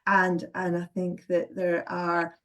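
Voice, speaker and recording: A woman speaking for an education body on a panel, praising teachers in a measured way. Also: lowish voice, monotone, fairly bright tone. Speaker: education spokesperson. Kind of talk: panel discussion.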